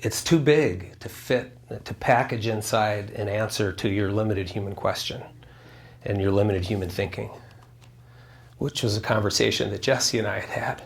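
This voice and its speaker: A man's voice: on the low side, moderate pace, gravelly. A man telling a personal story to a live audience, earnest, acting out dialogue and asking the crowd questions, at times choked up. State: choked up, near tears. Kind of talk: storytelling talk with a spiritual message.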